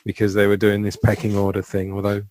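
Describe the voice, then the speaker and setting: A man's voice: lowish voice, completely flat delivery, quick pace, a little mellow. A man hosting a podcast, chatting casually and hedging his points as he reviews a book. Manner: discursive, hedging with "I mean" and "I think". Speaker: podcast host.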